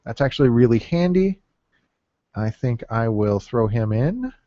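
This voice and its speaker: A man's voice: medium pitch, expressive, unhurried, mellow, dry recording. A man giving casual commentary while drafting in a card game, thinking aloud with many fillers and counting under his breath. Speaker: gameplay commentator. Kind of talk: casual deck-building commentary. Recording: dull lo-fi dry mic.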